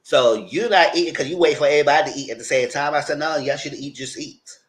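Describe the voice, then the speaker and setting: Talking at a quick pace in a voice on the high side, a commentary host runs a casual livestream recap. He's chatty, makes blunt asides, and acts out what he told the cast.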